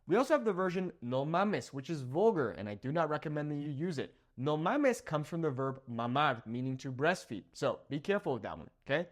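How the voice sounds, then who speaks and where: A young man from Southern California giving an energetic vocabulary lesson to the camera, jumping between high emphatic words and low asides. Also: brisk, hardly any pauses. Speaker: Spanish teacher.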